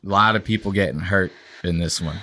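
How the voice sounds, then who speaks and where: A man's voice: low voice, fairly quick, slight background noise. A young man co-hosting a podcast, rambling and profane in casual chat. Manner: profane, rambling storytelling with animated impressions. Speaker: podcast co-host.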